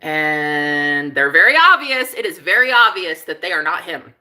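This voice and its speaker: A young woman vlogger telling a story in casual chat, chatty and excitable, swearing freely and breaking into laughs. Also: sits low, moderate pace.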